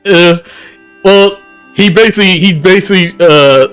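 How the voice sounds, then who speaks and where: A man's voice: high-pitched, moderate pace, fairly bright tone, smooth, faint music behind. A young man narrating as game master in a loose, rambling way, full of restarts and fillers. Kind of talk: casual tabletop game narration.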